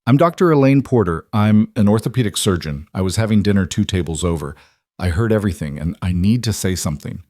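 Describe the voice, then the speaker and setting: A man voicing a composed middle-aged woman surgeon in a calm, measured way in a story reading. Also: low voice, no echo, studio quality.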